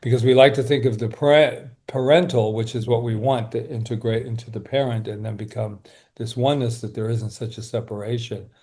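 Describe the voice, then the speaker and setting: A man speaking as an interview guest who leads workshops, talking reflectively and earnestly, often slowing down and going quiet. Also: mid-range voice, steady tone.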